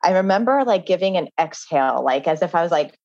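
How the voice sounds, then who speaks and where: A woman's voice: lowish voice, expressive, fast, darkish tone, no room sound, dull audio. A woman author, a guest in an interview, telling her story earnestly with many "like" fillers. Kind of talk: interview conversation.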